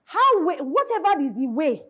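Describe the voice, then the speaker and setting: A woman's voice: sits high, big pitch swings, normal speed, fairly bright tone. A woman guest in a panel discussion, explaining and giving advice.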